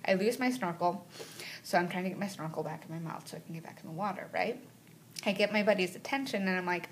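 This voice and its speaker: A woman's voice: on the low side, fast talker, slight background noise. Chatty woman vlogger telling a story. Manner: chatty, animated, full of "like" and "right?". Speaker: travel vlogger. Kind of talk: casual storytelling to camera.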